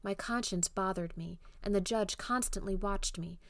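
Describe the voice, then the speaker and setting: A woman's voice: mid-range voice, normal speed, dry recording, natural voice. A woman voicing a trembling, frightened man who tells of a terrifying dream in a fearful, urgent way.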